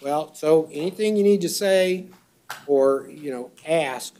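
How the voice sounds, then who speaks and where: A man's voice: fairly high pitch, measured pace, dark tone. A man serving as a judge at a bond hearing, reading out charges and amounts in a matter-of-fact way with hesitant fillers.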